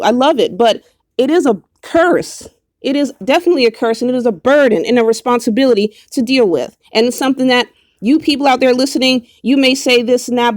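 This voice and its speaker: A woman's voice: a little high, no room sound, clean studio sound. Woman ranting, profane and mocking. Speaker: vlogger. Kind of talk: angry direct-to-camera rant.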